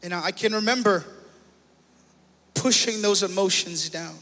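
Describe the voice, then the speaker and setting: Bright-voiced pastor preaching. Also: male voice, high voice, unhurried, in a large hall, faint music behind. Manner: personal testimony, growing emotional and loud. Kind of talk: sermon. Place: church sanctuary.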